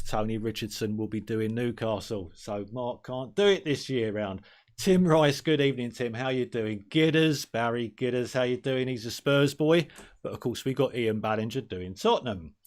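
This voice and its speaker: Male streamer host, friendly chat, mid pitch, greets chat by name. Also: a little mellow. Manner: chatty, greets viewers by name. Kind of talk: casual live-stream chat.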